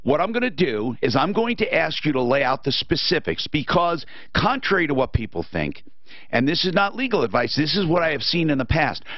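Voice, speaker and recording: A man's voice: on the high side, very animated, brisk, no room sound, highs cut off. A man hosting a call-in radio talk show, giving blunt, opinionated advice to callers and reading live ads.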